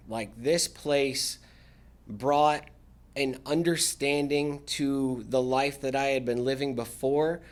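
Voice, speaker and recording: A man speaking as a podcast guest, a military veteran talking candidly about his recovery with dry sarcastic humor. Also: mid-range voice. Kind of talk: candid casual interview talk.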